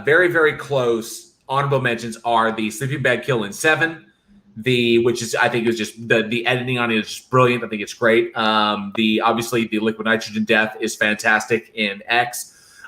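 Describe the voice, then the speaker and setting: Male podcast host, bright forceful voice, casual and animated, swears freely. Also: mid-range voice, moderate pace. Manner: animated, swearing, retells scenes excitedly. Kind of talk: casual chat.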